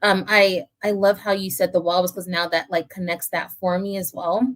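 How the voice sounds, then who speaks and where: A woman's voice: on the low side, level tone, normal speed. A woman hosting a casual podcast conversation, speaking in a thoughtful, reflective way. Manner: thoughtful, reflective, lots of fillers.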